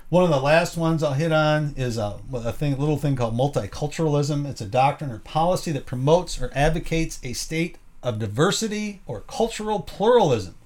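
A man's voice: a little high, a little mellow. Rambling man talking opinions. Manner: rambling, rhetorical "right?" tags. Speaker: podcast co-host. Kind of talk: conversational Christian commentary.

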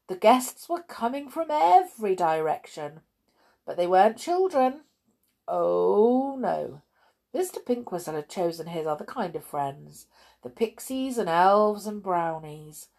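Woman narrator, children's storybook, slow, expressive, lifts on exclamations. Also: medium pitch. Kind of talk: storybook reading aloud.

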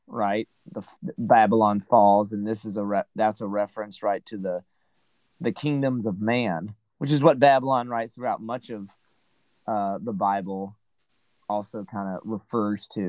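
A man's voice: on the low side, moderate pace, no echo, rough recording. A man casually discussing a Bible passage as a podcast co-host, rambling with many "right?" and "you know" asides.

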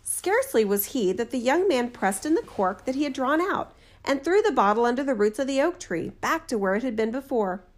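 A woman narrating a fairy tale in a steady, measured reading voice. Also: high voice. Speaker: storyteller. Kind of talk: storybook narration.

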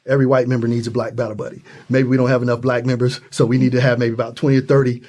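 A man from Ohio in the US Midwest, a guest in a conversational interview, talking earnestly and acting out the people in his stories. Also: very fast. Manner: earnest, animated storytelling, acts out high-pitched quoted voices.

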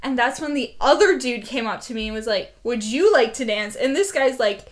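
A young woman with a high voice co-hosts a casual podcast chat. She tells stories animatedly, filling them with "like" and laughter. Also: brisk. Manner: animated storytelling, full of "like" and laughter. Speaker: podcast co-host.

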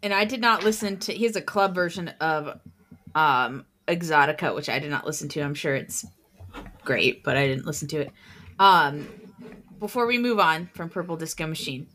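A woman's voice: deep voice, normal speed, a bit bright, a little hiss or hum. A woman co-hosting a podcast in casual chat, talking in a chatty, rambling way full of fillers. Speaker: podcast co-host.

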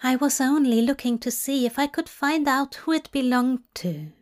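Woman reading as soft-spoken Aziraphale. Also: high voice, sing-song, a little slow.

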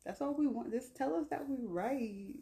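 A woman co-hosting a podcast in casual chat, teasing and animated, drawing out words for emphasis. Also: sits high, moderate pace, creaky. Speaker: podcast co-host.

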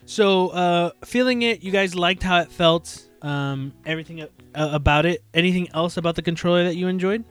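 A man with a fairly high voice hosts a casual gaming chat. He talks loosely, swears freely and acts out small back-and-forths. Faint music plays underneath. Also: fairly quick, few pauses, smooth. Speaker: podcast host.

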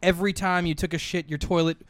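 A man's voice: high voice, little pitch movement, fast. A man chatting as a guest on a studio podcast, playful and teasing. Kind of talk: casual comedic chat.

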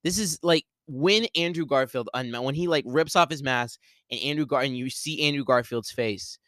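Excited man rambling on a podcast. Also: medium pitch, moderate pace, no room sound. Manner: excited, rambling, heavy use of "like". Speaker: podcast host. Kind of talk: solo movie spoiler talk.

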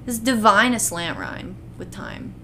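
A woman's voice: mid-range voice, expressive, unhurried, sharp tone, slight background noise. A woman co-hosting a podcast, thinking aloud in casual chat as she works out the lines and counts syllables. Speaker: podcast co-host.

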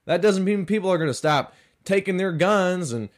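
A man's voice: sits high, animated, moderate pace. A male podcast host rambles through a casual comedic monologue. He is loose and sarcastic, and he leans on "like" fillers as he talks.

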